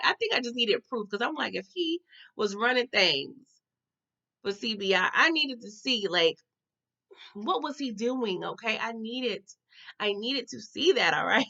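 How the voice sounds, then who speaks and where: A woman recapping a TV episode in an animated, slangy way, talking straight to her viewers. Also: a little high, normal speed, creaky, lo-fi sound. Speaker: TV recap host.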